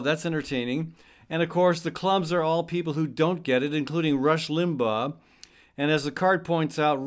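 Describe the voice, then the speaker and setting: A man's voice: on the high side, clean tone. A middle-aged man hosting a talk radio show, speaking conversationally and reading quotes aloud with wry asides.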